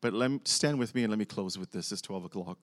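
A man's voice: fairly low pitch, fast. An older man, a pastor preaching a sermon, tells a personal story with animation, acting out both sides of a conversation and laughing along the way.

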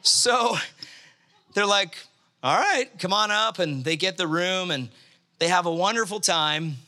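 A man delivers a storytelling sermon with a fairly high, very bright and forceful voice. He is animated throughout and acts out the voices of the people in the story as he goes. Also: measured pace.

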